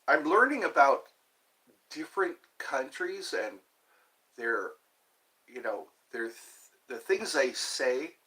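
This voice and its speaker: A man's voice: medium pitch, expressive, takes it slowly, pauses often, sharp tone. A man in his fifties rambling through a solo livestream, talking to himself and jumping from one topic to the next. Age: 50s. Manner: rambling, talks to himself, jumps between topics. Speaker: livestream host.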